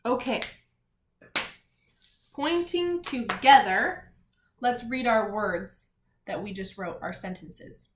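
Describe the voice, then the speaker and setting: A woman teaching a lesson to young children, patient and clear, sounding out letters and words one by one. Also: on the high side, slow, pauses often. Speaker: elementary school teacher. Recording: roomy echo, faint background noise.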